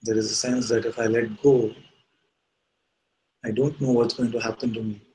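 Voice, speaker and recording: A man giving a satsang talk as a spiritual teacher, slow and reflective, often checking in with listeners. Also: mid-range voice, level tone, a little hiss or hum, low-quality recording. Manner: slow, reflective, gently questioning.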